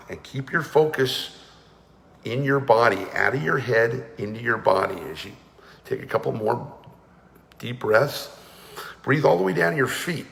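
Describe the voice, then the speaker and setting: Gravelly-voiced man coaching a breathing class. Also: medium pitch, expressive, unhurried, pauses often, a bit bright, big-room sound. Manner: commanding, urges listeners to participate. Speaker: energy awareness coach. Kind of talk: guided energy and breathing class.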